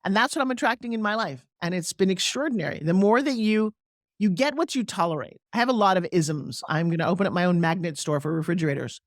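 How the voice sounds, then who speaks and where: A middle-aged woman, a sales coach, talking energetically in an interview and slipping into persuasive pitching, with acted-out quotes. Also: animated, fast talker, dry recording, clean studio sound. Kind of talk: energetic interview talk with live product pitch.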